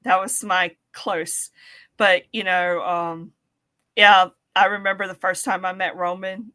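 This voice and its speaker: A woman co-hosting a casual chat, telling excitable, giggly stories. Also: lowish voice, unhurried. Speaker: podcast co-host.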